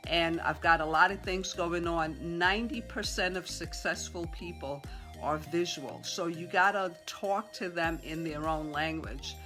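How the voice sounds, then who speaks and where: A woman teaching a sales training session to a group, talking fast with lots of fillers and acting out conversations with sellers. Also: on the low side, pushed and bright, faint music behind. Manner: talks fast, role-plays seller dialogue, many fillers. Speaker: real estate sales trainer. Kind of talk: live training talk to a room.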